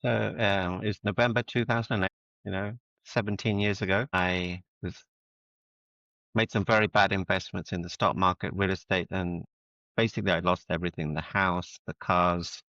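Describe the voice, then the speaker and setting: An earnest middle-aged man tells his story as a guest, pressing each point home. His voice sits fairly low and sounds a little muffled, as over a video call, with a dry sound and no room echo. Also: steady tone, moderate pace, bright, forceful tone. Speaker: guest, mindset coach. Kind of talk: storytelling interview answers.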